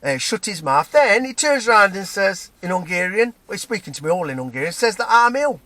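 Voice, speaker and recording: A man's voice: sits high, big pitch swings, a little fast, few pauses, pushed and bright, no room sound. A man from Nottingham with a Nottingham accent, ranting to camera in a heated, swearing way, stumbling over restarts and tagging lines with "right?". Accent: Nottingham English. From England, Nottingham. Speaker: vlogger. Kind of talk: angry personal rant to camera.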